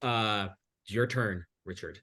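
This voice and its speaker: A man narrating a tabletop game as game master, pausing often and filling gaps with hesitations. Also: on the low side, sharp tone, breathy edge. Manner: halting, many fillers.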